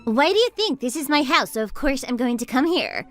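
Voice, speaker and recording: A woman voicing an entitled, demanding young sister-in-law who yells and bosses people around. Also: expressive, fairly quick, faint music behind. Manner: demanding, shrill, yelling. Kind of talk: texting-story voice acting.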